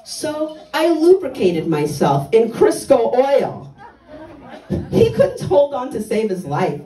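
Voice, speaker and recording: An older woman works a stand-up set with blunt, dark one-liners, her pitch swinging in a lively way. The sound is echoey, like a comedy club picked up from a distance. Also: takes it slowly, a faint crowd.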